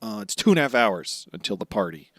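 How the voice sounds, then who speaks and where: Animated man recapping with silly character voices. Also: mid-range voice, quick pace, vocal fry, no echo, studio quality. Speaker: podcast co-host. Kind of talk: casual chat recapping anime episodes.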